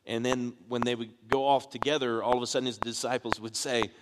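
A pastor preaches in a church sanctuary, questioning his congregation as his delivery builds in force. His voice is a mid-range man's voice with a long reverberant tail. Steady background noise sits under the recording. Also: mid-range voice, a little fast. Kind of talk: sermon. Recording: echoey hall with background noise.

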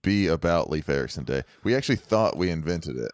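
A man co-hosting a podcast, talking in a laid-back, halting way in casual chat. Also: a bass voice, lively intonation, no echo, studio quality. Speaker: podcast co-host.

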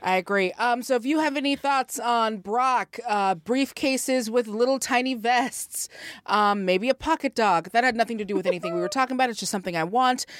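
A woman's voice: fairly high pitch, fairly quick, dry recording. A woman hosting a podcast, casual and joking with upbeat asides. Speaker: podcast host.

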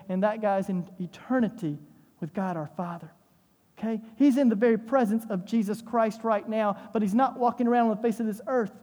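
Emphatic preacher, mellow voice, long reverb. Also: mid-range voice. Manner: emphatic, with rhetorical questions and repetition. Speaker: pastor. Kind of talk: sermon.

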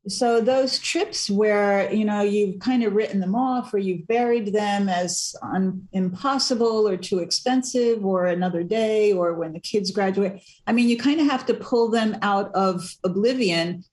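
An older woman guest, an author, telling travel stories in a relaxed, animated way, often laughing mid-sentence. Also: mid-range voice, unhurried, hardly any pauses. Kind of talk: casual interview conversation.

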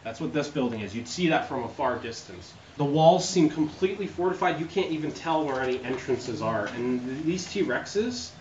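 A man's voice: fairly high pitch, lively intonation, moderate pace, hardly any pauses, a little mellow. A man narrating a tabletop game as game master, in a casual, chatty way. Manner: casual, chatty, laughs often. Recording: roomy, dull, lightly noisy home recording.

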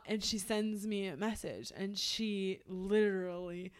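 A woman's voice: medium pitch, a little slow. A young woman co-hosting a podcast, telling a personal story in casual chat, rambling with lots of "like" and restarts. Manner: rambling, heavy use of "like", restarts. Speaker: podcast co-host.

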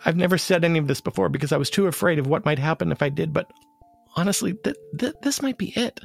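A man narrating his own story in a halting, emotional way, stammering and repeating words. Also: a little high, creaky, soft background music. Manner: emotional and urgent. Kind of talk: scripted memoir narration.

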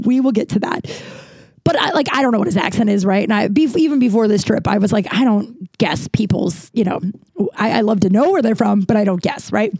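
A young woman hosts her podcast in a loose, rambling storytelling flow, packed with "like" and "you know" and lively asides. Her voice is dark and mellow, recorded dry and close with no room sound. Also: a little high, no room sound. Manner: rambling, filler-heavy, animated retelling. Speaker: podcast host. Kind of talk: casual storytelling monologue.

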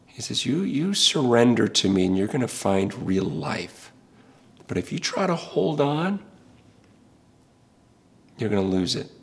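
A man's voice: mid-range voice, very animated, unhurried, pauses often, breathy edge. A middle-aged male pastor speaking in an earnest, preaching style, impassioned and pleading, repeating words as he builds.

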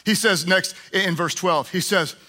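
A male pastor with a high, bright, sharp voice delivers an impassioned sermon. He drives his points home with repeated phrases. He swings between ringing shouts and soft, prayerful murmurs. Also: unhurried.

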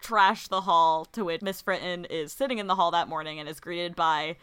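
A woman's voice: lowish voice, normal speed, a bit bright, clean tone. A woman casually recapping a film's plot for a podcast, with lots of "like" fillers. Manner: laid-back storytelling with frequent "like" fillers and laughs. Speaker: podcast co-host recapping a film. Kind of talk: casual chat.

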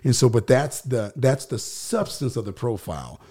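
A man's voice: medium pitch, very animated, normal speed, dark tone, breathy edge. A male pastor, a guest on the show, teaching scripture in conversation. He talks in an emphatic, preacherly way and builds his points through repetition.

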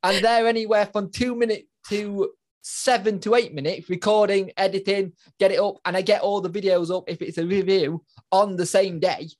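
A man's voice: sits high, flat delivery, normal speed, darkish tone. A man, co-hosting a podcast and chatting casually as a parent, telling rambling, self-mocking stories. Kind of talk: casual chat.

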